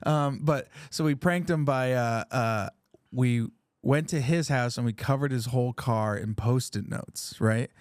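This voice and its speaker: A man hosting a podcast, telling stories in a relaxed way and laughing often. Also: mid-range voice, a little slow, no room sound, clean studio sound. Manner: laid-back storyteller, laughs often. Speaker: podcast host. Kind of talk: casual chat.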